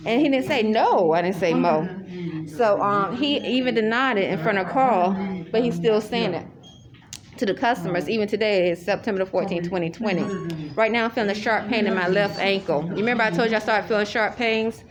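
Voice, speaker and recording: A woman's voice: mid-range voice, brisk. Rambling woman over crowd chatter. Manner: rambling and repetitive, many restarts. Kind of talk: casual spoken monologue. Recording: loud crowd chatter behind.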